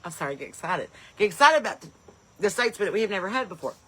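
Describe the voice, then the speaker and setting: A comedian and podcast host keeps her live stream easygoing and chatty, speaking fast and very animated in a medium-pitched, husky voice that's bright and forward. She eagerly and loudly calls out where viewers are from before carrying on casually.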